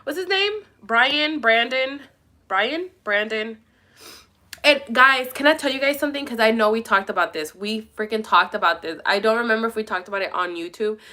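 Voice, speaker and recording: A woman's voice: fairly high pitch, normal speed, bright, forceful tone. A young woman talking casually to her viewers, rambling and emphatic, swearing a lot. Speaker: vlogger. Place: at her mother's home.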